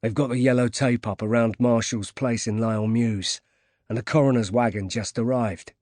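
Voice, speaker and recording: A gruff, growling newspaper editor with a thick Cockney accent, put on by an audiobook narrator. He talks brusquely in a mid-pitched man's voice. The recording is dry and close. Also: fairly even intonation, normal speed, a little mellow, dry recording, close to an everyday voice.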